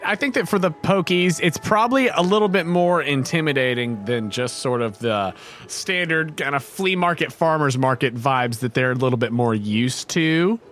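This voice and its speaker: A young man playing a tabletop role-play game, relaxed and musing as he thinks aloud. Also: on the high side, normal speed. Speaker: player.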